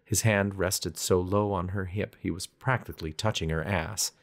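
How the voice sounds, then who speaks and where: Deep voiced guy reading an audiobook in first person, intense and dramatic. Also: fairly even intonation, moderate pace, vocal fry. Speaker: audiobook narrator.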